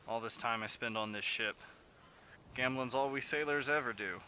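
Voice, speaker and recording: A man's voice: mid-range voice, moderate pace, pushed and bright, a little hiss or hum. A man doing a wary sailor in debt. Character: adult male sailor, gambler in debt, wary.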